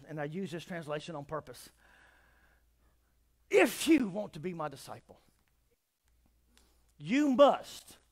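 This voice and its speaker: A man preaching a sermon as pastor, swinging from shouts to quiet talk. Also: a little high. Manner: preaching, often shouting and then dropping quiet. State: out of breath.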